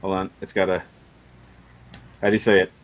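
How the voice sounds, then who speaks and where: Chatty low-voiced man hosting a stream. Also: little pitch movement, a little fast, low-quality recording. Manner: rambling, chatty, laughs often. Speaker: livestream host. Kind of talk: casual livestream chat.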